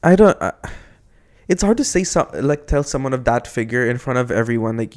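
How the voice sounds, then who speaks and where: A man's voice: mid-range voice, animated, a little fast. A man co-hosting a podcast in casual chat, laid-back and agreeable, slipping in jokes. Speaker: podcast co-host.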